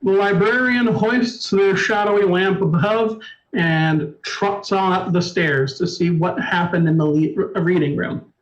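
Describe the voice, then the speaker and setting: High-voiced, slow storyteller man. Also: highs cut off. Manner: measured, descriptive, apologetic asides. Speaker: storyteller, game master. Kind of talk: narrating a tabletop game.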